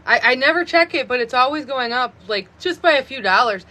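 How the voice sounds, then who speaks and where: A woman of about thirty talks into her phone on a live stream. Her voice is bright and a little sharp, and she rambles casually, stringing thoughts together with frequent fillers of "like.". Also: sits high, animated, brisk. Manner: rambling, chatty, many fillers of "like".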